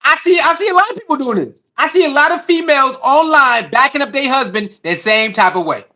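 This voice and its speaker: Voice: sits high, lively intonation, fairly quick, bright, forceful tone. A sports commentary host, reacting to clips and chat in a loose, repetitive way.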